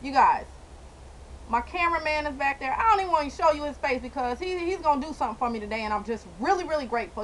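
Loud, lively young woman vlogging outdoors. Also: sits high, fast talker, a little hiss or hum, poor audio. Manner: excitable, loud outbursts and dramatic repetition. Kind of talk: animated comic vlog rant. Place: outdoors by a car. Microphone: handheld camera.

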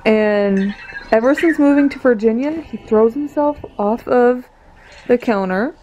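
A woman's voice: a little high, unhurried, lo-fi sound, a little hiss or hum. Gushing young woman vlogging at home. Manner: gushing and excitable. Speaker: vlogger and mother. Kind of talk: casual home vlog. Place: family home.

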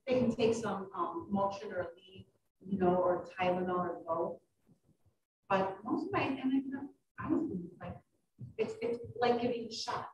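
A woman doctor giving an informal question-and-answer talk, who tells stories lively and acts out her patients' voices. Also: medium pitch, moderate pace, background noise. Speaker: urogynecologist giving a library talk. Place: library meeting room. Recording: echoey room, distant dull mic.

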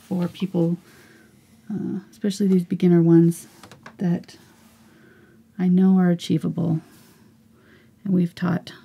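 A woman in her forties teaching a live painting lesson, chatty and encouraging, often slipping into soft whispers as she works. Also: on the low side, gravelly, breathy edge. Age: 40s. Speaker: art teacher.

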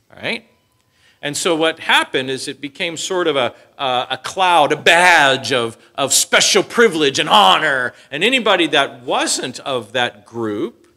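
Man preaching, kinda high voice, animated, acts out little voices, asks the crowd stuff. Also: unhurried. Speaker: Bible teacher. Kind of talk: sermon.

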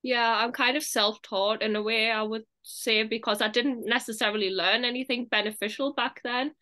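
A young British woman talks about acting in a loose, chatty way. Her voice sits a little high and sounds very bright. She leans on "like" fillers and laughs easily. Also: fairly even intonation, normal speed. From England. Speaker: actress, guest. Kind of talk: casual interview chat.

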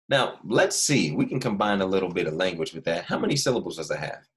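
Male grade-school teacher, low voice, animated and encouraging, leads kids in call-and-repeat. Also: fast, hardly any pauses. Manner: animated, coaxing children to repeat words. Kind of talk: remote classroom lesson. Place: Los Angeles.

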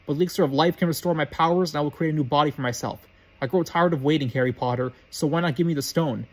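A man voicing a cold, snake-faced male dark wizard with slow, deliberate menace. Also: a little high, lightly acted. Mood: menacing.

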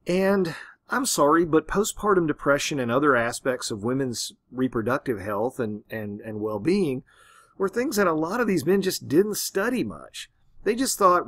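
A man giving a literature lecture in a conversational way, often asking "right?" and pausing on "um". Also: fairly high pitch, lively intonation, a bit bright, dry recording. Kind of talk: classroom lecture.

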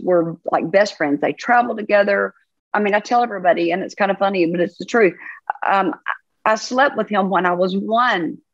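A woman's voice: mid-range voice, no room sound, dull audio. Folksy Southern woman, chatty. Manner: chatty, folksy, laughs easily. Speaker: podcast guest, pastor. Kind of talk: casual storytelling chat.

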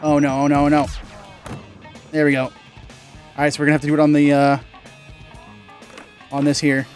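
A young man with a slightly high voice talks through his gameplay in a loose, chatty way. He jumps into high yelps and mild swearing when a move fails. Faint game music plays behind him. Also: a little fast. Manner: excitable, bursts into high yelps and laughs at mistakes. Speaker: gaming channel host. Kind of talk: casual gameplay commentary.

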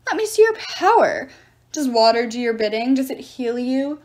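A woman doing a huge male giant, menacing, taunting, loud threats, lively swooping voice. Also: a little high, normal speed. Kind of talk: audiobook character reading.

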